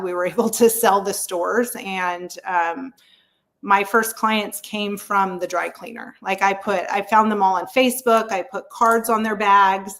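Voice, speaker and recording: A woman's voice: mid-range voice, a bit bright. A woman in her thirties talks candidly as an interview guest. She speaks in a frank, chatty way and tells her story with lots of fillers and easy laughter. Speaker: real estate agent guest.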